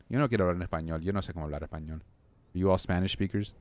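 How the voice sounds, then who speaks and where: Talking rapid-fire in a low, slightly mellow voice, a young man streams a game from his home desk. His chat with viewers is loose and rambling, full of self-deprecating jokes.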